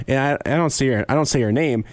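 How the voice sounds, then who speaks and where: A young man hosting a podcast, telling a story in lively casual chat and acting out the other people's lines. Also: mid-range voice, very fast, no echo. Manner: animated, laughing, acts out others' lines. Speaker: podcast host.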